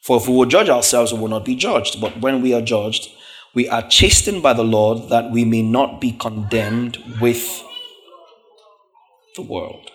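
A man's voice: medium pitch, a little slow. A man preaching a sermon, reading scripture verses aloud and explaining word meanings, often checking in with the congregation through questions.

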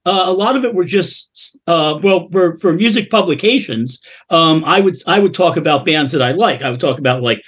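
This middle-aged man from Philadelphia talks in a notably high, husky voice. He chats loosely as a podcast guest, stumbling over restarts and undercutting himself with jokes. The talk is relaxed and off the cuff. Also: moderate pace, few pauses. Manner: rambling, stammering restarts, jokey and self-deprecating. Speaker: punk band frontman, podcast guest. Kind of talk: casual phone interview chat.

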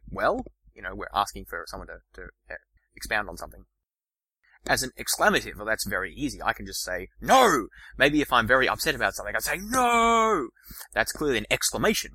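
Guy doing a lecture-style podcast, talks fast, restarts a lot, dry close mic. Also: lowish voice, no room sound, rough recording. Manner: fast, animated explaining with many restarts and fillers. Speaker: podcast host.

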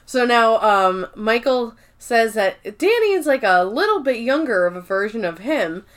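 This podcast co-host has a sing-song voice on the high side and a slightly slow delivery. She casually recaps TV episodes, cursing freely, dropping "like" everywhere, and voicing the characters' lines in mock tones.

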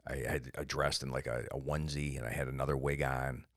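A middle-aged man, a comedian and podcast co-host, chatting casually and jumping into silly high voices when he tells a story. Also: a little fast, no echo, clean studio sound. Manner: animated storyteller who jumps into silly high voices for quotes.

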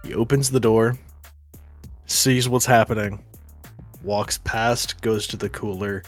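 A man's voice: fairly low pitch, fairly even intonation, slow pace, faint music behind. A man playing in a casual tabletop role-playing game with dry, laid-back humor. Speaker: player.

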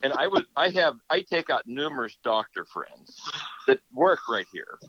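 A man's voice: mid-range voice, sing-song, moderate pace, fairly bright tone, highs cut off, a little hiss or hum. A man in casual chat, joining in to add his side of the story.

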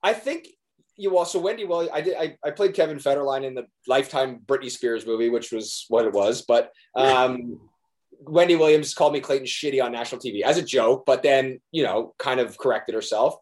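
In a casual interview, a young man who acts talks earnestly, wandering through his answers with many restarts. He has a medium-pitched, darkish voice and speaks fairly quickly.

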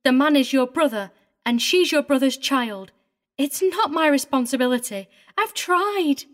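A woman's voice: sits high, lively intonation, unhurried. A woman voicing a prim, tearful middle-aged governess in a dramatized audiobook reading, agitated and wavering. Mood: prim, upset.

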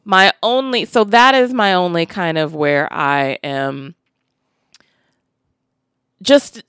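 A woman's voice: fairly low pitch, slow pace, fairly bright tone, clear, resonant tone, no room sound, clean studio sound. A woman in her late thirties co-hosting a casual podcast, talking earnestly and hesitantly. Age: 30s. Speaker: podcast co-host. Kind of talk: casual chat.

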